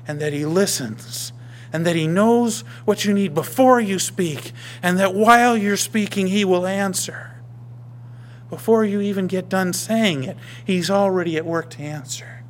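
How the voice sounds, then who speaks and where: A male pastor preaching a sermon, emphatic, swinging between raised declarations and hushed whispers. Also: high voice, a little hiss or hum.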